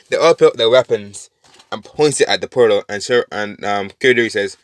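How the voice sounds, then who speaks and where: A man's voice: mid-range voice, brisk, a bit bright, no room sound. A young man casually improvising a story, rambling and swearing, full of fillers and restarts.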